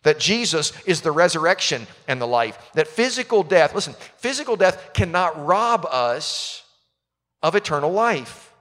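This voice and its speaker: A man's voice: fairly high pitch, big pitch swings, normal speed, a bit bright. A man preaching a sermon as pastor, talking conversationally and asking his listeners questions. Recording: long reverb of a large hall.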